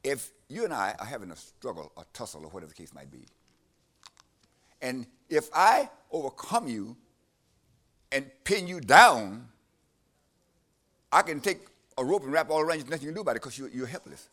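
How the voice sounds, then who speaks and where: A man's voice: medium pitch, big pitch swings, moderate pace, long pauses, fairly bright tone. A man preaching a sermon, emphatic and repeating his phrases, trading lines with a scripture reader.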